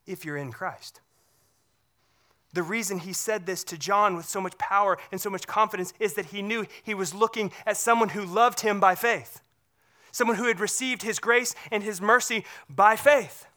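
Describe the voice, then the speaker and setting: At a moderate pace, a pastor preaches, alternating loud emphatic passages with quiet low ones and frequently repeating words when restarting phrases.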